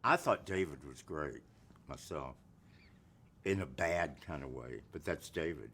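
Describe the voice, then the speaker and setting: A man's voice: very deep voice, expressive, a little slow, fairly bright tone, slight background noise. A man in his sixties musing about a film made in his youth. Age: 60s. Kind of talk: interview recollection.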